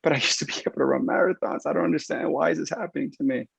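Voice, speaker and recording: A man's voice: a little high, racing, gravelly, slightly rough, no room sound, voice pushed up, exaggerated voice. A man putting on a whiny frustrated patient. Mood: whiny pleading. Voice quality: pleading, exasperated whine. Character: whiny frustrated injured patient, exasperated complainer. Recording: dull lo-fi webinar audio.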